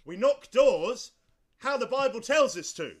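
High-voiced man preaching emphatically. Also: big pitch swings, measured pace. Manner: emphatic, repetitive rhetorical questions. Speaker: pastor. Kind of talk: sermon.

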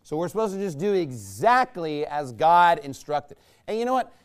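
Guy preaching a sermon, rambly and folksy, keeps asking "right?", voice on the higher side. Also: very animated, moderate pace, clean tone. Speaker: pastor. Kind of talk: conversational sermon.

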